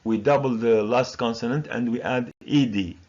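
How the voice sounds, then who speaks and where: A man teaching English grammar with a Moroccan accent, a native Moroccan Arabic speaker who drills each word slowly and deliberately. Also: mid-range voice, a little mellow, highs cut off. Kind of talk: recorded grammar lesson.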